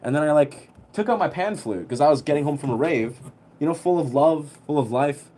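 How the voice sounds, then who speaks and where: A man's voice: fairly high pitch, animated, a little fast, mellow, a little hiss or hum. Laid-back rambling young man. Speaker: livestreamer. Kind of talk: casual storytelling on a livestream.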